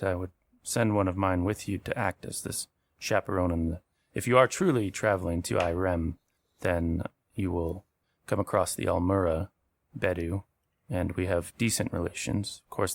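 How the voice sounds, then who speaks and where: A man's voice: low voice, no echo. A man voicing a dignified male desert village elder in a tabletop role-play, speaking formally and courteously.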